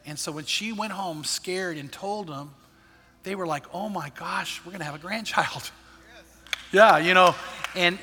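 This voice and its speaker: A man's high, very bright voice carries a conversational sermon, stumbling over restarts as he tells stories to his congregation. He preaches from the stage of a large church auditorium, and the sound rings with a long hall reverb. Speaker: pastor.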